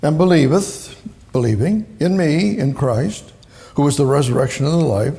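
A man's voice: fairly high pitch, lively intonation, moderate pace, vocal fry, mellow. A man preaching a sermon, rambling and emphatic, often repeating himself for stress. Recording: echoey hall with long reverb.

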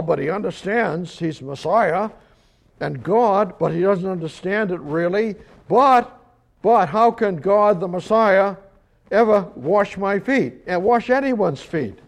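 A man teaching a verse-by-verse Bible sermon, slow and emphatic, repeating words as he explains. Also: sits high, creaky. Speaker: preacher.

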